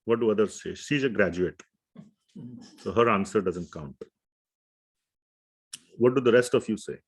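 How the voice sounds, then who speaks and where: A man's voice: on the low side, measured pace, husky. Man, scripture teacher, chatty, tells stories, quizzes the class. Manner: conversational, asks the class questions, tells anecdotes.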